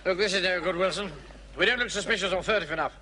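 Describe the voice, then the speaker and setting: An actor playing a pompous, bossy middle-aged captain who gives orders. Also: male voice, high voice, fast talker, sharp tone. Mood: commanding. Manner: pompous, commanding. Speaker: platoon captain. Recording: noisy old television audio.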